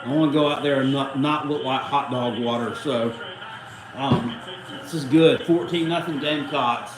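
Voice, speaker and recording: A man's voice: mid-range voice, moderate pace, echoey room, rough recording. A middle-aged man, hosting a live watchalong stream in a casual, rambling way and cussing freely. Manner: rambling, salty, cusses freely. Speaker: livestream host.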